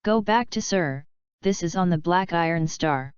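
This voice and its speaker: A woman's voice: lowish voice, expressive, normal speed, clear, resonant tone, no echo, lightly acted. Woman reading a humble, fearful alien officer. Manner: deferential, keeps saying sir. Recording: dull lo-fi audio.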